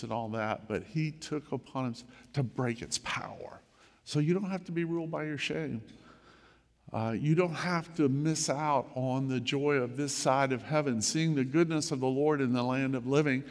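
A man's voice: mid-range voice, in a large hall. An older man, a grandfather, preaching a sermon in a conversational storytelling manner. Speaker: pastor.

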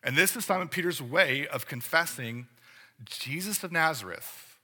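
A man's voice: on the high side, animated, normal speed, sharp tone, husky, in a large hall. A man preaching a sermon as pastor, conversational and full of rhetorical questions. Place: church sanctuary.

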